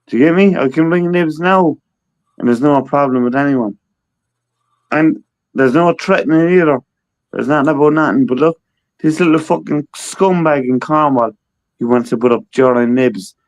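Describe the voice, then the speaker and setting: Guy rambling on a call, swears a lot, keeps repeating himself, bit high voice, dry sound. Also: normal speed, no room sound, rough recording. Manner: rambling, repetitive, swears freely. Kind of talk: rambling casual chat.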